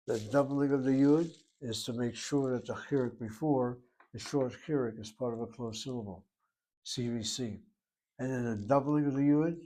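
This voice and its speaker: A man teaches Hebrew, patiently explaining and saying words slowly over and over so learners can pick up the pronunciation. His voice is medium in pitch with a darkish tone.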